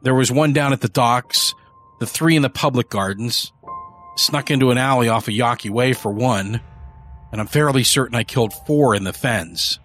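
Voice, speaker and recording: A man's voice: mid-range voice, normal speed, fairly bright tone, faint music behind, voice pushed up, lightly acted. A man voicing an arrogant rich young killer, who boasts in a cold, offhand way. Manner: casual, callous boasting.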